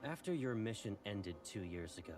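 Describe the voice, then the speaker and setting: A man voicing a calm, cold male fleet officer who lays out accusations in a measured, even tone. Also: fairly low pitch, a little hiss or hum. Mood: coldly calm. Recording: game audio under loud music, distant.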